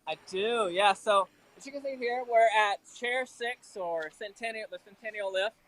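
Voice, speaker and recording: A man's voice: high-pitched, normal speed, a bit bright, poor audio. A man from Alabama with a Southern accent, chatting through a live report from outdoors at a ski lift. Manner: chatty, self-deprecating. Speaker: field reporter.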